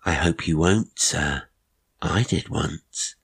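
A man's voice: a bass voice, slow pace, vocal fry, a bit bright, husky, exaggerated voice. A man voicing a half-shy, sly teenage boy who confides hints in slangy, polite talk. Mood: confiding.

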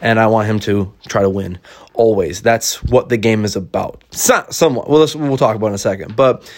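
A man's voice: lowish voice, brisk. A man talking casually to camera as a parent, blunt and opinionated, swearing freely and restarting often. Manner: blunt, swears freely, fillers and restarts, reads dialogue aloud with excitement. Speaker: parent reviewing a children's book. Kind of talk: casual opinionated vlog talk.

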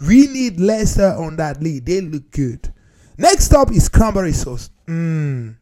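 Animated, lively-voiced man chatting to viewers. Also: on the high side, unhurried. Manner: animated, playful, addresses viewers as "people"; non-standard grammar, repeats phrases for emphasis. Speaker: vlogger. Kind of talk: casual talk to camera.

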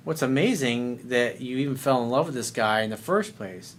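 A man's voice: medium pitch, animated, normal speed, a little hiss or hum. A man hosting a dating advice video, talking bluntly and sarcastically, with casual swearing. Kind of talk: casual advice monologue reading viewer letter.

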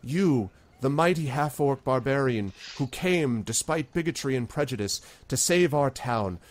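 A man's voice: medium pitch, expressive, measured pace, voice pushed up, lightly acted. A man voicing a formal, dignified woman who leads a town, speaking in a stately, ceremonious way.

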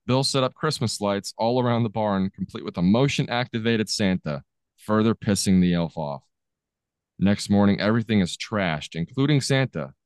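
A man's voice: on the low side, clean tone, no echo. A man co-hosting a podcast, casually recapping a movie's plot with a laid-back manner and occasional chuckles. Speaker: podcast co-host recapping a film.

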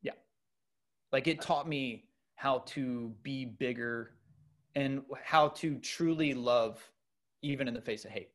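A middle-aged man spins a personal story in relaxed conversation. He talks loosely and with energy, restarting his sentences and filling gaps with ums, at an ordinary pitch for a man. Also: slow pace. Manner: loose and animated, many fillers and restarts. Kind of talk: casual storytelling chat.

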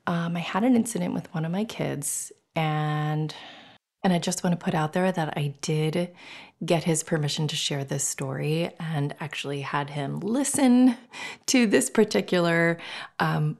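Speaking at a moderate pace, this middle-aged podcast host has a deep voice with vocal fry. She gets candid and emotional about personal matters, curses freely, and animatedly acts out scenes in whispers and assorted voices.

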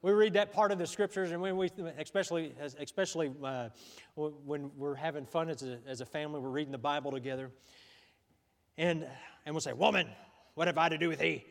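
A man's voice: on the high side, steady tone, a little fast. A middle-aged man preaching a sermon as pastor, talking conversationally with frequent restarts and questions to the congregation. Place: church sanctuary. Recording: long church hall reverb.

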